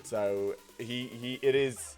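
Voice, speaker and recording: A man's voice: medium pitch, steady tone, slow, a little mellow, clean tone, soft background music. A young man hosting a casual stream chat, reading viewer messages aloud, rambling with many fillers and frequent giggles. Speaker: streamer host.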